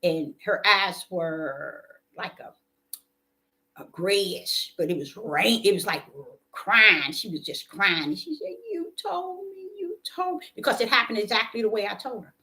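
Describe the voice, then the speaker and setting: A woman preaching with passion and telling personal stories, repeating her phrases for emphasis and swinging between loud declarations and hushed moments. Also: medium pitch, lively intonation, measured pace. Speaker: self-described prophetic preacher. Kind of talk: impassioned preaching and personal testimony.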